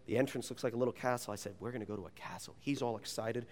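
A man, a youth pastor, preaching a sermon and telling stories in an animated, playful way. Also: mid-range voice, very fast, noisy background. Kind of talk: sermon with personal storytelling. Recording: long reverb of a large hall.

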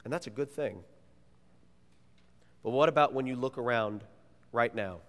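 A man, a youth pastor, preaching a sermon and telling stories in an animated, playful way. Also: medium pitch, normal speed. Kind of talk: sermon with personal storytelling. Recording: long reverb of a large hall.

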